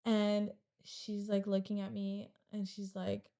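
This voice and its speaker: A woman's voice: medium pitch, completely flat delivery, slow pace, gravelly, dark tone. A young woman telling an emotional personal story as a podcast guest, rambling and full of "like". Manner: rambling, heavy use of "like".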